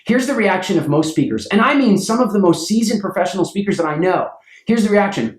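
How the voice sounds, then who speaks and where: A man with a slightly high voice teaches public speaking through energetic anecdotes, switching into exaggerated quoted voices. He sounds like he's in a reverberant room. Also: brisk. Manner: acts out quoted voices with big pitch jumps. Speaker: speaking coach. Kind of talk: animated storytelling lesson.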